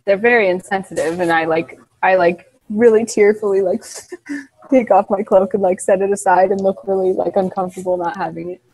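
A woman's voice: medium pitch, fairly even intonation, brisk, darkish tone, rough recording. A woman playing a tabletop game, describing her character's actions in casual chat. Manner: chatty, laughing often. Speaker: player.

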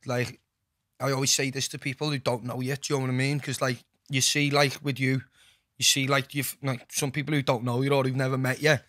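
A man's voice: medium pitch, little pitch movement, brisk, fairly bright tone, dry recording, clean studio sound. A young man with a Liverpool Scouse accent, a podcast guest rambling in sweary casual chat, full of "lad" and "you know what I mean". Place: podcast studio.

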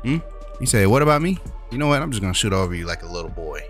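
A young man trash-talking his opponent while commentating a basketball video game, with playful taunts and high yelps. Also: expressive, racing, faint music behind. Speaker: YouTube gaming creator.

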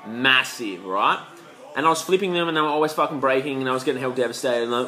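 Young aussie bloke rambling on his vlog, swears nonstop, bright punchy voice. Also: mid-range voice, fast talker, faint music behind. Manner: profane, rambling, slangy, animated. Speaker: vlogger.

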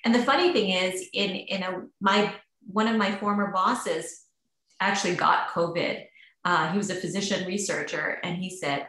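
A woman's voice: lowish voice, moderate pace, pushed and bright. A woman physician answering webinar questions in a casual, chatty way with many fillers. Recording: roomy echo.

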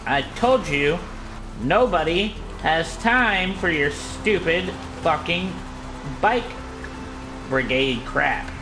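A man from Iowa swearing heavily and yelling at the game as he plays and comments. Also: a little high, lively intonation, slow pace, music in the background. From Iowa, United States. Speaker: gamer streaming gameplay. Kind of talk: frustrated gameplay commentary.

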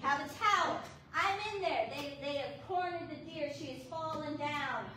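A woman associate pastor telling a lively, laughing story in a sermon. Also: high-pitched, normal speed. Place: church fellowship hall. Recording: echoey hall, mic at a distance, audible noise.

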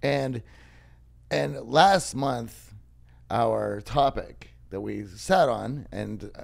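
A man hosting an interview podcast, his voice deeply gravelly with strong vocal fry. He asks his questions in a relaxed, halting way and fills the gaps with little hesitations. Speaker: podcast host.

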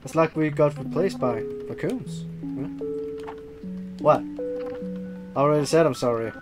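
A man with a slightly high voice reads game dialogue aloud in an unhurried, halting way, with fillers like "uh" and a laugh here and there. Game music plays clearly behind him. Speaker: game let's player reading and voicing characters. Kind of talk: casual let's-play dialogue reading.

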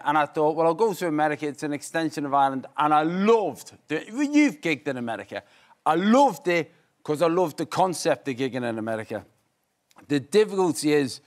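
Liverpool comedian spinning a yarn. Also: male voice, fairly high pitch. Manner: rambling comic storytelling, self-interrupting. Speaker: talk show guest, comedian. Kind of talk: anecdote-telling on a chat show.

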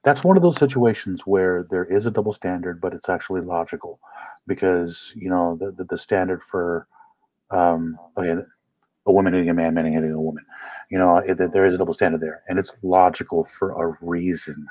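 A man with a very low voice talks through an argument on a casual show, full of restarts and fillers. The sound is dry and close, with no room echo. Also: fairly even intonation, a little fast, darkish tone. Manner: explanatory, hesitant, lots of "you know". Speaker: co-host. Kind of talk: casual discussion.

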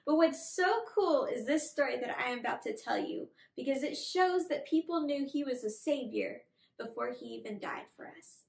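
Young woman kids' pastor, super upbeat, high voice, echoey room. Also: lively intonation, moderate pace, creaky, a little mellow. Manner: bubbly, enthusiastic storytelling. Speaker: children's pastor. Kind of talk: kids' online sermon.

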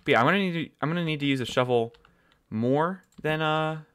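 A man's voice: a little high, a little fast, fairly bright tone, smooth. A man giving casual, rambling commentary while playing a building game, swearing often and losing his train of thought. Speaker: gaming channel host.

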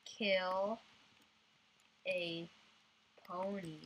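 A woman's voice: fairly low pitch, little pitch movement, extremely slow, a bit bright, breathy edge, highs cut off. A woman doing goofy let's-play commentary, bursting into sudden squeals. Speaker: gamer.

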